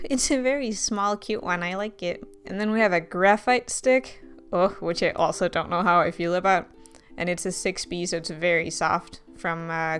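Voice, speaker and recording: A young woman chatting casually as she unboxes art supplies, playful and a little sarcastic. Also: medium pitch. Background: faint guitar music.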